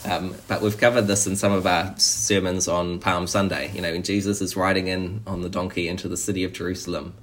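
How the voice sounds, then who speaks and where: Casting: man, low-pitched voice, preacher, conversational sermon with easy restarts. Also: little pitch movement, a little fast, hardly any pauses. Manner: conversational, frequent "you know" and restarts.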